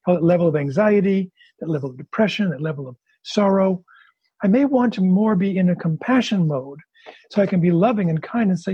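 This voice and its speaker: A man's voice: high-pitched, a little fast, husky, no echo, dull audio. A male therapist explaining his method and acting out a couple's session. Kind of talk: explanatory talk with role-play demonstration.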